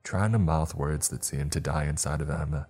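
A man reads a horror story in a slow, grim, measured way. His voice sits extremely low and is husky, with a breathy edge. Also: darkish tone, faint music behind. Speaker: narrator.

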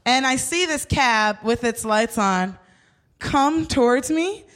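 A young woman in casual chat, telling a story with lots of swearing and acting out what everyone said with big jumps in her voice. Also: takes it slowly. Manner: animated, swears freely, acts out quotes with big pitch jumps.

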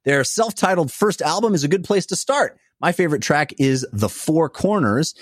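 A man's voice: a little high, animated, moderate pace, slightly rough, no echo, studio quality. A man hosting a casual podcast, talking loosely with frequent "uh" fillers. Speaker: podcast host.

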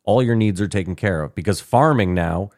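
A man's voice: lowish voice, a little fast, a little mellow. A man co-hosting a podcast in casual chat, making his point emphatically and swearing freely. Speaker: podcast co-host.

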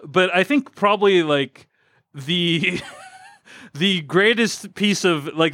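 A man's voice: on the high side, pushed and bright, no room sound, clean studio sound. Chatty man rambling through a film review. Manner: rambling, many fillers and restarts. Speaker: podcast co-host. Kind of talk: casual film review chat.

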